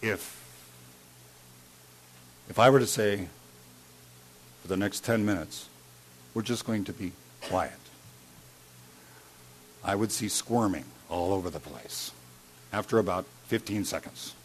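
A man preaching a sermon as a pastor, telling a personal story and swinging between loud emphasis and hushed, quiet lines. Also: lowish voice, slow, long pauses, slight background noise. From Iowa.

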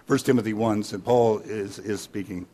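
A man with a fairly low, steady, mellow voice preaches at a moderate pace, telling folksy stories and weaving jokes into scripture. His sermon is anecdotal, full of humorous tales, fillers, and restarts.

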